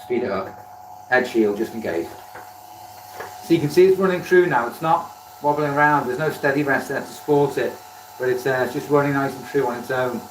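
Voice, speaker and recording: A man's voice: mid-range voice, a little fast, a little hiss or hum. A man chatting casually on a live stream from his home workshop, self-deprecating and thanking viewers by name as he works. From Wales. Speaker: woodturning livestreamer. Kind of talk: casual live-stream chat while working. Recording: echoey workshop, mic at a distance.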